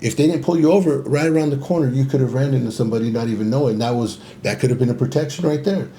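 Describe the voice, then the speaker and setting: Podcast guy, mellow dark voice, repeats stuff to make a point, faint noise behind. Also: medium pitch, rapid-fire. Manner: emphatic, advice-giving, repeats phrases for emphasis. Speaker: podcast co-host. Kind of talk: casual podcast conversation.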